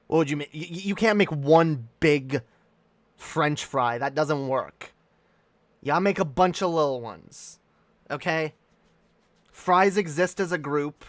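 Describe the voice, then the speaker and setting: A male streamer giving a loud, profane comedic rant, repeating himself for emphasis. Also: fairly high pitch, no room sound.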